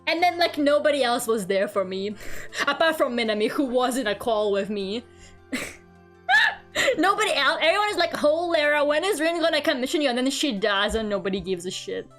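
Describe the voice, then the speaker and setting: A woman's voice: on the high side, sing-song, normal speed, fairly bright tone, faint music behind. A young woman from England streaming as an artist, chatting casually and animatedly, laughing often and swearing now and then. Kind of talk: casual chat while drawing on stream.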